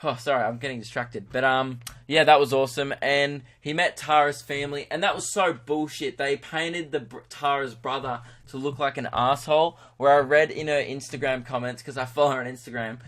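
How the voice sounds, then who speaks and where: A man's voice: mid-range voice, steady tone, brisk, few pauses, a bit bright. Young aussie guy rambling on his podcast, crude jokes, makes fun of himself. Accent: Australian. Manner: rambling, crude, self-mocking. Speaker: podcast host. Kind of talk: casual podcast monologue.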